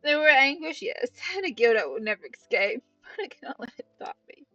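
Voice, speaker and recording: A woman's voice: high voice, very animated, fairly quick, sharp tone, no room sound, pitched above the performer's own voice, heavily acted. Earnest young male warrior, brooding and resolute, read by a woman, dull distant headset sound, faint game music. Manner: earnest dialogue reading. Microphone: headset mic.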